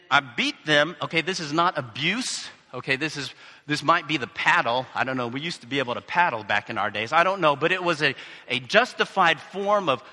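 A man from the United States preaches a sermon in a high, very bright voice. He keeps it conversational, with asides and questions to the congregation. The sound carries the long reverb of a hall. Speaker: pastor.

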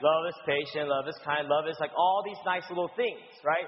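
A man preaching in a conversational teaching style, halting with stammered restarts and frequent "right?" checks. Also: on the high side, big-room sound, dull audio, a little hiss or hum. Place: church in Houston.

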